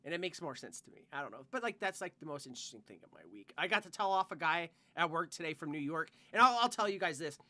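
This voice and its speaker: A man's voice: on the high side, animated, quick pace, hardly any pauses, bright, forceful tone. A young man co-hosting a podcast, telling a rambling work story full of "like" and swearing in casual chat. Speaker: podcast co-host.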